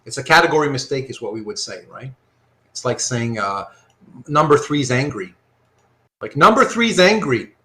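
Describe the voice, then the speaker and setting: A man teaching a live online philosophy class, working through examples out loud and often checking that his students follow. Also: mid-range voice, moderate pace, long pauses. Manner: animated, thinks aloud with frequent rhetorical checks. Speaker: philosophy lecturer.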